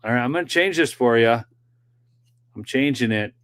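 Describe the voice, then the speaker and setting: A man's voice: mid-range voice, lively intonation, moderate pace, a bit bright. A man hosting a political commentary livestream, chatting directly with his viewers in a loose, rambling way with many fillers. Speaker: political commentary show host.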